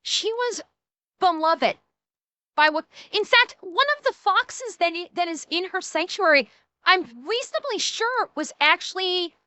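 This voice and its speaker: Woman, streamer, high pitch, sharp bright tone, emphatic rant, heavy swearing, dry close sound. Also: expressive, no room sound. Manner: quick shifts between mocking and serious. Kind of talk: casual reaction stream commentary.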